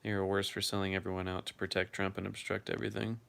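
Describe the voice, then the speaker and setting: Low-voiced man casually chatting. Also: flat delivery, quick pace, gravelly, a bit bright, smooth. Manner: loose and swears freely; reads viewer comments aloud and replies. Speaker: livestream host answering viewer chat. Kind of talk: casual live chat.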